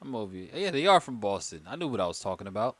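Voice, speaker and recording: A man's voice: fairly low pitch, very animated, very fast, dry recording. A man chatting loosely and joking with his viewers on a livestream, a little tipsy from wine. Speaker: livestream host. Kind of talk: casual live-stream chat.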